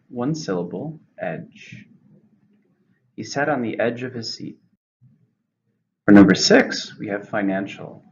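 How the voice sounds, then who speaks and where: Brief: male English teacher, deep gravelly voice, careful slow delivery, lo-fi recording with faint hiss. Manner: slow, careful enunciation of words. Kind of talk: vocabulary lesson. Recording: lo-fi with faint noise.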